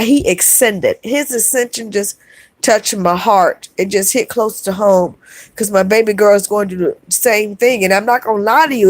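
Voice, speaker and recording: The voice is on the high side and the recording has no room sound. A middle-aged vlogger speaks heartfeltly to her livestream chat, addressing everyone as "y'all" and saying things twice for emphasis.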